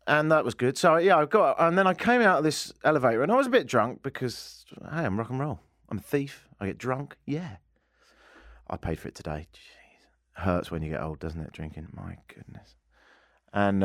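Lively self-mocking male radio host. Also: medium pitch, dry recording, studio quality. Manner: self-deprecating, rambling anecdotes with jokes. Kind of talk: comedic talk radio monologue. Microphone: studio microphone.

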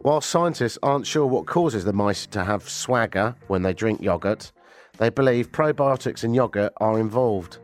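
A man's voice: fairly low pitch, expressive, moderate pace, soft background music. A man hosting a talk radio show, with a stuffy nose from a cold. He tells stories with sarcasm and animation. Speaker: radio host. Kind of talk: casual talk radio banter.

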